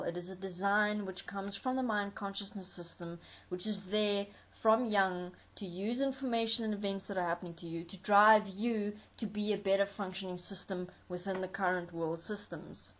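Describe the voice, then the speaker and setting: A woman's voice: medium pitch, normal speed, few pauses. A woman giving a spoken commentary in an earnest, explanatory way, often building her points as lists. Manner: earnest, explanatory, with listing rhythms. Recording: dull lo-fi recording.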